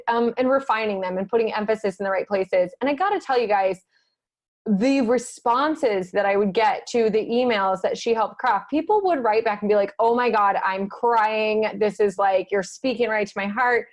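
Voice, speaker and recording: Woman podcast host, a touch high-pitched, enthusiastic, loose with swearing. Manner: enthusiastic, swears casually, gasps and laughs. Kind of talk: casual podcast interview.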